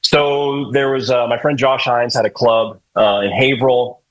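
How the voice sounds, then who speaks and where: A man from New Hampshire, appearing as a podcast guest, tells casual stories in a laid-back way, swearing freely and using lots of fillers. His husky voice is medium in pitch, fairly even, and a little slow. The audio is poor.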